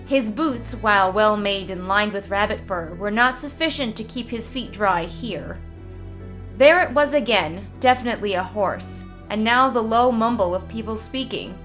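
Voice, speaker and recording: A woman reading a fantasy short story aloud in a steady, measured narrating voice. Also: medium pitch, faint music behind. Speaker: story reader.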